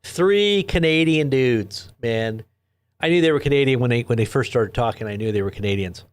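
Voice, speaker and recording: A man's voice: medium pitch, expressive, moderate pace, clean tone, dry recording. Chatty man hosting a live stream. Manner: chatty, rambling storyteller who laughs at his own stories. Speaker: host of a live late-night news stream. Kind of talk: casual live-stream chat, reading viewers' comments. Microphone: own desk microphone.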